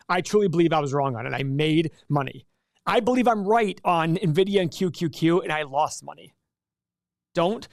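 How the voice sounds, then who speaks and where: A man's voice: a little high, vocal fry, no room sound, clean studio sound. A man hosting a casual investing livestream, chatting and joking with viewers and often restarting his sentences. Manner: chatty, jokey, self-interrupting. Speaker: livestream host.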